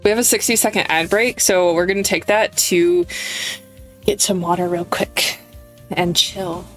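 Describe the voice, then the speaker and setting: A young woman streamer with a playful, giggly manner, chatting to her viewers and reading the game's dialogue aloud. She talks at an unhurried, drawn-out pace, sometimes slipping into voices for the characters. Soft game music plays faintly behind her. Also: fairly low pitch, steady tone. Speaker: streamer playing a visual novel. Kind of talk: casual live-stream chat and reading game text aloud.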